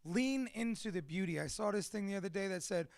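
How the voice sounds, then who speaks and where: A man with a high, rough voice speaks straight to a live audience, swearing freely and bluntly. His delivery is animated and candid. The sound is close and dry, with almost no room tone. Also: a little fast, no room sound. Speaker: speaker at a live storytelling event.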